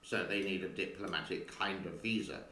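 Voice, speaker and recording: A man's voice: low voice, steady tone, a little fast, sharp tone, roomy sound. A man hosting a casual vlog from his home studio, chatting in a rambling way and talking to his cat between points. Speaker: channel host.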